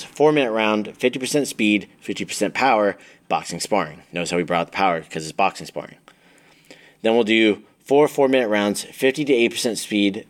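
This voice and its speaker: A man with a fairly low voice reads his own fight-training book aloud. He moves steadily through lists of drills and equipment in an instructional tone. Now and then he trips over a word and restarts. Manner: steady instructional reading, listing drills item by item; occasional stumbles and restarts. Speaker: Muay Thai coach reading his own book.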